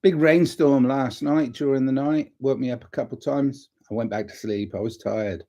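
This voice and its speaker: Man vlogger, mellow warm tone, loose rambling monologue with reflective asides. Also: mid-range voice, fairly even intonation, moderate pace. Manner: rambling and reflective, retells stories and gives gentle advice. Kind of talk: casual talking-to-camera monologue.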